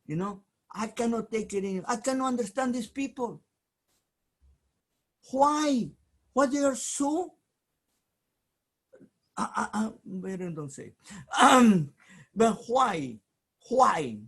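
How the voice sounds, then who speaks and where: A rabbi gives an informal Torah lesson in a slightly husky voice. He speaks slowly and emphatically, in broken English full of restarts. He breaks off now and then for joking asides to someone nearby. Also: very high-pitched, expressive, a bit bright. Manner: jokes and talks aside to someone off mic. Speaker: rabbi teaching the weekly Torah portion.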